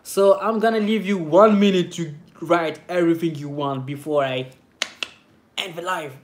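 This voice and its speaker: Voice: mid-range voice, normal speed, slight background noise. French-accented livestream host, hesitant. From France. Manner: hesitant, many filler sounds. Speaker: livestream host, slalom skater. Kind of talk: casual livestream chat reading comments. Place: home in Paris.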